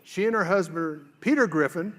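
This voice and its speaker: A man with a voice a little above the usual pitch tells his personal testimony. He speaks in a conversational way and pauses often as he recalls what happened. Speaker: guest telling a testimony.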